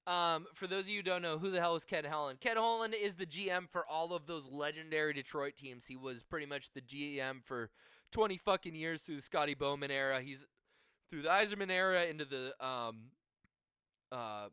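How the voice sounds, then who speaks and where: Bright, crisp-voiced man. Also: fairly high pitch, moderate pace, no echo. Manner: profane, storytelling, laughs often. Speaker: podcast co-host. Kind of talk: casual sports chat.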